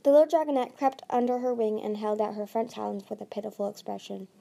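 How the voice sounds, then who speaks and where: A woman reading a fantasy novel aloud, slowly and haltingly, with frequent restarts. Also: medium pitch, gravelly, mellow. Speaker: audiobook reader. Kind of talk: amateur audiobook narration.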